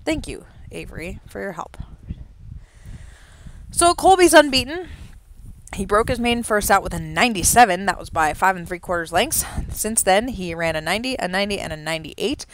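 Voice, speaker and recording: A woman calling simulated horse races from home, excited during the race and chatty and rambling between races. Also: medium pitch, normal speed, slight background noise. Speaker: race caller and host of a horse racing simulation show. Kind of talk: horse race commentary and casual chat. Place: home, with a dog nearby.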